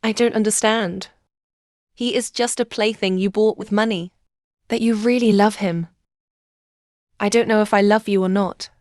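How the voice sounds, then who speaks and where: A woman dubbing dialogue for a young heroine in a short romance drama, speaking in a slow, measured way with plain, even phrasing. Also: medium pitch, no room sound, studio quality, close to an everyday voice.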